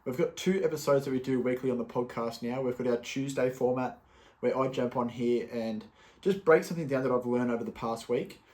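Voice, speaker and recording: A man's voice: mid-range voice, brisk, darkish tone. Chatty man hosting a podcast. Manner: loose and chatty, many fillers and restarts. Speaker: podcast host. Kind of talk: casual solo podcast talk.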